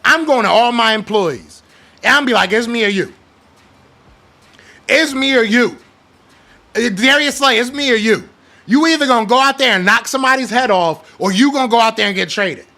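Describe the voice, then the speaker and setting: Fired-up man ranting, bright gravelly voice. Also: very high-pitched, animated, fairly quick. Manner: fired-up, emphatic, slangy and blunt. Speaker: podcast host. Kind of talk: heated sports rant, reading live chat.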